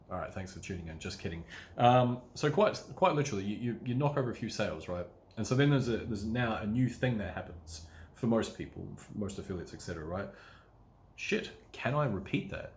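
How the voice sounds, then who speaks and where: A man talking on his own as a business coach, rambling and acting out his own inner thoughts in quick asides, with casual swearing. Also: fairly low pitch, slight background noise. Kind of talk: casual solo talk to camera.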